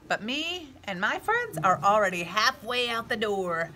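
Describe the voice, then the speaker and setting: Expressive woman reading a children's book aloud. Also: mid-range voice, measured pace, a little hiss or hum. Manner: expressive, with gasps and asides to young listeners.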